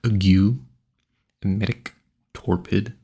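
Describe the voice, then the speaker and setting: A man's voice: fairly low pitch, steady tone, slow pace, creaky, warm tone, a little hiss or hum. A man rambling casually at a home mic, musing aloud and stumbling over hard words he sounds out. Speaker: audio creator.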